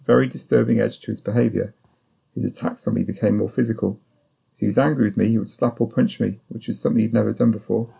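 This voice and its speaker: A man narrating a first-person novel as an audiobook, in a measured, sombre storytelling voice. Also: on the low side, creaky, dark tone, breathy edge.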